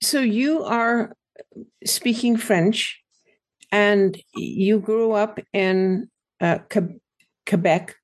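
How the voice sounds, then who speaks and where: A woman hosts a relaxed interview, asking curious questions. Her manner is playful and teasing. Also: medium pitch, very slow. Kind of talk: casual interview.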